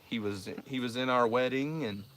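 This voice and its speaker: Oklahoma guy telling a long story, keeps repeating words, bright voice. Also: mid-range voice, normal speed, a little hiss or hum. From South Central Oklahoma. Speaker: homestead channel host. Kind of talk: casual chat answering viewer questions.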